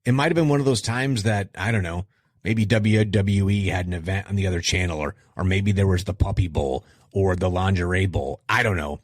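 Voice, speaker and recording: Middle-aged male podcast host, low husky voice, lively and self-mocking, dry close mic. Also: fairly quick, no echo. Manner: animated, self-deprecating, jumps in pitch for emphasis. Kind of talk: casual solo podcast talk.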